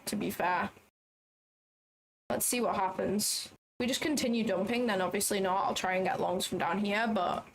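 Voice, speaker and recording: A woman's voice: mid-range voice, a little hiss or hum. A woman hosting a live trading stream, chatting and thinking aloud in a self-deprecating way. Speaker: trading livestream host. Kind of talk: live commentary while trading.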